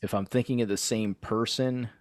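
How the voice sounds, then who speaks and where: A man's voice: lowish voice, fairly even intonation, normal speed. A middle-aged man co-hosting a casual sports chat show, steering the topics and rambling with casual swearing. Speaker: podcast co-host.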